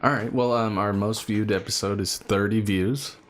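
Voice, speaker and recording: A man's voice: lowish voice, steady tone, normal speed. A man co-hosting a casual podcast, bantering with jokes and profanity. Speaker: podcast co-host.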